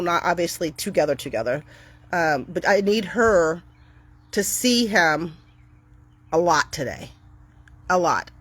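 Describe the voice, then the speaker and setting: Middle-aged woman chatting to camera outside, easygoing, goes all bright and upbeat talking to her dogs. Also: on the low side. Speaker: dog owner vlogger. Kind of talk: casual talk to camera. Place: outdoors on her property.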